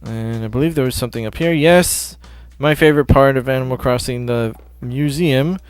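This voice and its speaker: A man's voice: medium pitch, normal speed, smooth. Offhand man commenting on a game. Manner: offhand, self-correcting. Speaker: gameplay commentator. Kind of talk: casual game demo commentary. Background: faint game music.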